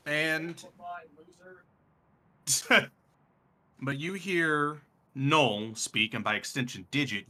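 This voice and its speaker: Slow, bright-voiced man running a game. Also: fairly low pitch. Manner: hesitant, many fillers, laughs often. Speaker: game master. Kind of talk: narrating a tabletop game.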